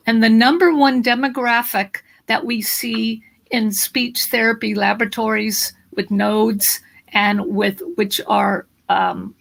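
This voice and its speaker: A woman voice coach speaking in a live video interview, animated and instructive, with a slight morning frog in her throat. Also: fairly high pitch, gravelly, rough recording.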